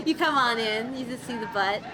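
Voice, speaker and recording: Chatty, excitable high-voiced woman streamer. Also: background noise. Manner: chatty, excitable, peppered with "like" and "oh, shucks". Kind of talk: casual chat while watching trailers. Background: trailer and game music.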